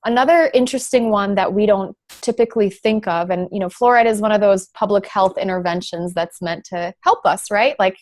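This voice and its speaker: A woman's voice: medium pitch, brisk, hardly any pauses. A woman pharmacist speaking as a guest in a podcast interview, explaining thoughtfully with frequent fillers and restarts. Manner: lightly sarcastic at times. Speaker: guest, thyroid specialist pharmacist.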